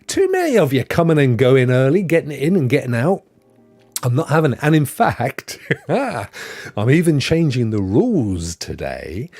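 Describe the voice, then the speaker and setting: A middle-aged man runs a casual live stream, greeting viewers by name and wandering into rambling asides. His pitch is animated and moves a lot. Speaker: livestream host.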